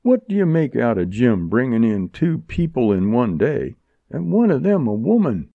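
A man voicing a quarrelsome bearded outlaw, blustering in a rough drawl. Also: mid-range voice, very animated, normal speed, no room sound. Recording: dull lo-fi audiobook recording.

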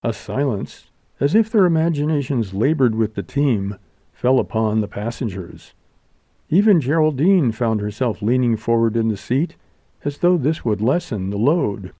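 Male audiobook narrator, deep mellow tone, dry studio read. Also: lively intonation, normal speed, no echo. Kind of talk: scripted narration.

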